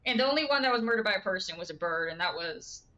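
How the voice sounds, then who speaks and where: Streamer woman, bright and forceful tone, chatty and giggly, answering chat live. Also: mid-range voice, expressive, fast, dull audio. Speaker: game streamer.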